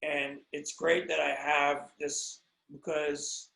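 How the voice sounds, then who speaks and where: Excitable rambling American man, high voice, echoey room. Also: slow pace, vocal fry. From United States. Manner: excitable, rambling, self-interrupting, swings between loud bursts and low asides. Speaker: wrestling podcast host. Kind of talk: casual rambling monologue.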